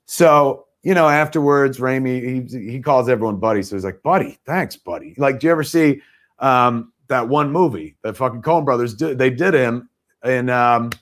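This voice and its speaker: A man's voice: mid-range voice, moderate pace. A middle-aged man on a livestream video call, telling a long story with lots of swearing and acting out the voices in his quotes. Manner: animated storyteller, swears freely, acts out quotes. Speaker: guest filmmaker.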